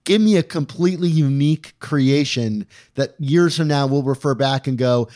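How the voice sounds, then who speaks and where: A man's voice: medium pitch, normal speed, hardly any pauses, darkish tone. A man co-hosting a comics review podcast, talking casually and rambling with lots of filler words. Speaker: podcast co-host. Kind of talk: casual chat.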